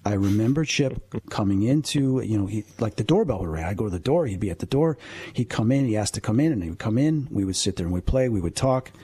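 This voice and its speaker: Radio guest, male, 50s, husky mid-range voice, earnest and animated storyteller, dry sound. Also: on the low side, quick pace, no echo. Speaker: paranormal investigator and medium, guest.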